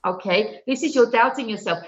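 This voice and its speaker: Her voice is on the high side and brisk as she delivers a live card reading. The reader, who is also an author, pleads earnestly with the viewer to trust herself and becomes emotional, though the recording sounds dull and lo-fi.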